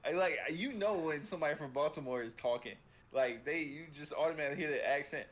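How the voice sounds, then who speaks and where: A man's voice: fairly high pitch, fast talker, a bit bright. A man co-hosting a sports podcast, talking casually with many restarts and fillers, sometimes swearing. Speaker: podcast co-host.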